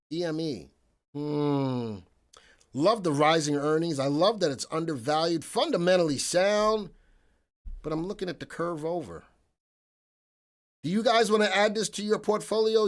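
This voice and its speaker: A man hosting a live stock-analysis stream, chatting casually with viewers, greeting them by name and spelling out ticker symbols. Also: a little high. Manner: chatty, jokey, reads viewer names and tickers aloud. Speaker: livestream stock analysis host.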